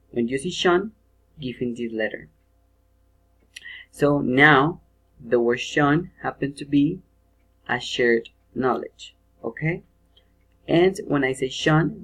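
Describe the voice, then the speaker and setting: Young male teacher, video lesson, patient step-by-step explainer, mid pitch. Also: vocal fry, low-quality recording. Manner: explains step by step, often checks with "okay?", self-corrects. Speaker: English pronunciation teacher.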